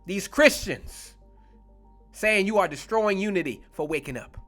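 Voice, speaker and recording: A man preaching a fiery online sermon, blunt, confrontational and profane, slowing down to stretch key words for emphasis. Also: high voice, animated, a bit bright, faint music behind.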